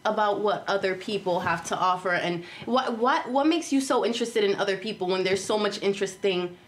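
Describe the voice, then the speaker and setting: A woman's voice: medium pitch, fairly quick. Effusive woman, full of compliments. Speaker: guest interviewer. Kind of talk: casual interview chat.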